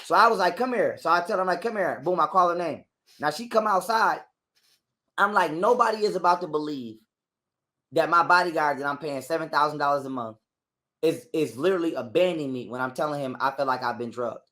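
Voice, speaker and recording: A man's voice: fairly high pitch, brisk. A man, an interview guest, telling a profane story in casual conversation and acting out other people's lines as he goes. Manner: animated retelling that acts out other people's lines.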